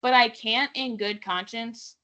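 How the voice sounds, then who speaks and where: A young woman co-hosting a podcast, recapping reality TV in casual chat, animated and full of "like" and quoted voices. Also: a little high, unhurried. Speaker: podcast co-host.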